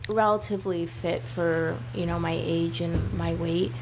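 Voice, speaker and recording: A woman's voice: fairly low pitch, steady tone, a little slow. Chatty woman, faint hiss behind. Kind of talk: casual chat.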